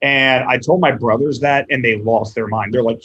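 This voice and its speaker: Man in his thirties, husky voice, slightly dull lo-fi audio, chatty storyteller. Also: medium pitch, moderate pace. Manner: animated storyteller, quotes people in voices. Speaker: podcast guest, restaurant owner. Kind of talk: casual podcast conversation.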